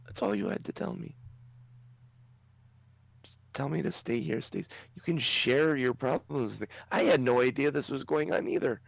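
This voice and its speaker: A man voicing an indignant male gnome king who scolds in a shrill voice. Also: normal speed, gravelly, no room sound. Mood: scolding.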